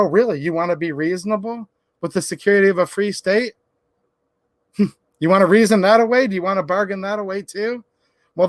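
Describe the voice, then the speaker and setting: A man's voice: sits high, a bit bright, no echo. A man hosting a livestream, talking in a fired-up, emphatic way. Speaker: livestream host. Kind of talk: casual livestream talk.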